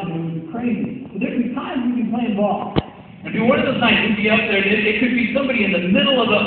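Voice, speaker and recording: A man's voice: high voice, background noise. A man preaching a sermon as pastor, telling stories in a conversational way and acting out the quotes. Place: church hall. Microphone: far camera. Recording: distant echoey church hall, lo-fi camera.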